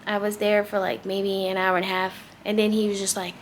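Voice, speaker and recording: A woman's voice: medium pitch, flat delivery, fairly quick, slight background noise. A young woman vlogger telling a casual, exasperated story, acting out quoted dialogue. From United States. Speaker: travel vlogger.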